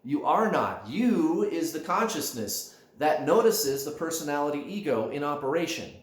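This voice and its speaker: Animated man in an echoey room. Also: fairly high pitch, moderate pace. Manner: animated, emphatic, addresses viewers as guys. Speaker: spiritual coach. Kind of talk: direct-to-camera coaching talk.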